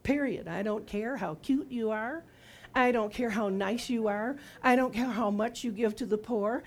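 A woman's voice: fairly high pitch, moderate pace. A woman in her sixties preaching a sermon in a conversational testimony style, asking the listeners questions and acting out quoted words. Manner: acts out her own and God's words in quoted lines.

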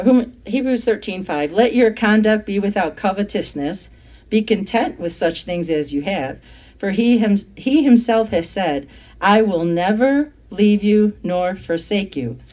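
This woman leads a friendly Bible study at a middling pitch. She talks casually, then leans in hard when she reads a verse, repeating key lines for weight. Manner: emphatic, rising and louder when reading verses aloud.

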